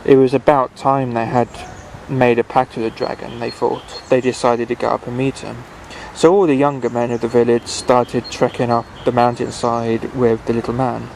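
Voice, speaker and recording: A man reads a bedtime story aloud at an unhurried pace, stopping now and then to restart a phrase. His voice has a gravelly, creaky texture. The pitch sits at a mid level. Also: flat delivery, darkish tone, a little hiss or hum, rough recording.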